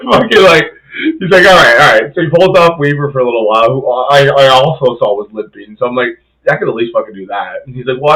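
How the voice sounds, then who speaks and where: A man's voice: mid-range voice, a bit bright, rough recording. Young guy on a podcast rambling through a rugby story, swears a lot, lots of likes and ums. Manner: casual storytelling, heavy swearing and fillers. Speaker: podcast co-host, rugby player. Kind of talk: casual chat.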